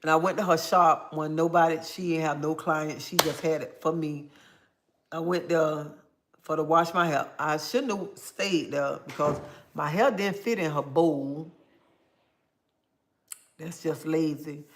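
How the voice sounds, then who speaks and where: An older woman hosting a casual livestream, reading viewer comments aloud and telling stories in a chatty, animated way. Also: low-pitched, measured pace. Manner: chatty, animated storytelling with bursts of excitement. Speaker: livestream host.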